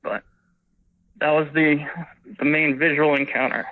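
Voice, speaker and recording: A man's voice: a little high, little pitch movement, a little slow. A man in his forties, a witness on a phone interview, telling his story in a rambling way and acting out what was said. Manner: rambling, acts out quoted dialogue. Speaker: witness caller. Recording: tinny phone line.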